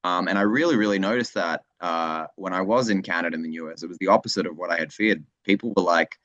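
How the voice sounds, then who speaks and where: Deep-voiced young Australian man. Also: fast, hardly any pauses, a bit bright, no echo, muffled recording. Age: young adult. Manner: rambling storyteller with many restarts. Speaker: guest comedian. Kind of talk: casual interview chat.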